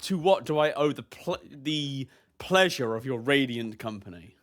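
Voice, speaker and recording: Dude doing a showy flirty bard, flowery talk, voice swings up and down a lot. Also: male voice, mid-range voice, expressive, moderate pace, a bit bright, close to an everyday voice. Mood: grandiose. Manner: grandiose and flowery. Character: pompous flirtatious male bard.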